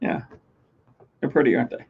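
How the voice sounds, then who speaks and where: A man co-hosting a casual home livestream, teasing his partner, laughing a lot and reading out chat comments. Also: a little fast. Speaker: livestream co-host. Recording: slightly dull lo-fi stream audio.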